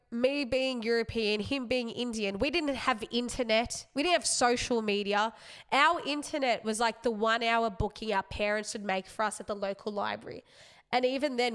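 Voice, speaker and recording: A young woman, a comedian hosting her podcast, telling a story in a rambling, animated way with self-aware asides. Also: a little high, clean tone. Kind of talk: casual comic storytelling.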